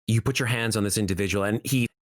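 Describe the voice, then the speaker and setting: A man narrating as dungeon master in a measured, descriptive way. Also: fairly low pitch, no echo, studio quality. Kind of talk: narrating a tabletop game.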